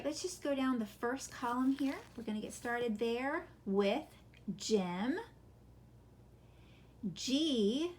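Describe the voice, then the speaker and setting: A woman's voice: fairly high pitch, a little mellow. A woman teaching a phonics lesson to children, patiently sounding out example words and asking questions.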